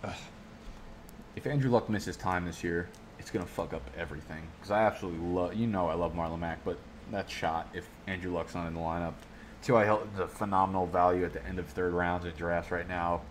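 Deep-voiced man rambling through a fantasy draft. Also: fairly even intonation, a little fast, slight background noise. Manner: rambling, profane, goes off on tangents. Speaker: fantasy football YouTuber. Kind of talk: casual vlog commentary while drafting.

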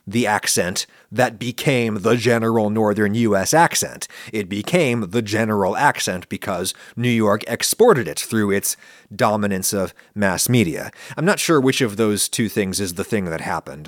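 A man's voice: lowish voice, no echo, clean studio sound. A man from central Pennsylvania with a general northern US accent, hosting a viewer-question show in a wry, opinionated explanatory monologue. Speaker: host answering viewer questions.

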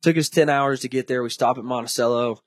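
A man's voice: mid-range voice, fast talker, no echo, clean studio sound. Man telling hunting stories. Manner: animated storyteller, acts out quoted voices. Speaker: podcast host. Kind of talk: casual storytelling chat.

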